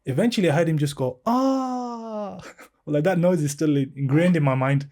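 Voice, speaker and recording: A man in his thirties, a podcast guest telling a long anecdote in a casual, animated way, laughing often. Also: a little high, fast talker. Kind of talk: casual storytelling.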